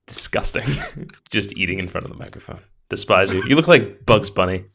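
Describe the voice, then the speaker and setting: Animated, bright-voiced male podcast host. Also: low voice, brisk, slight background noise. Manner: teasing, animated, laughs often. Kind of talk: casual chat.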